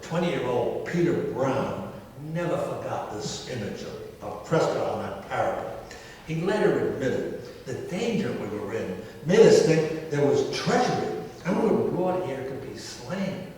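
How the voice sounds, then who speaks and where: A man's voice: medium pitch, very animated, measured pace, darkish tone, a little hiss or hum. An older American historian gives a lecture, telling his story with wry asides. His voice rings through a big echoing hall. He sounds set back from the microphone, with faint room ambience behind him. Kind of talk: public history talk. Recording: echoey hall from far off.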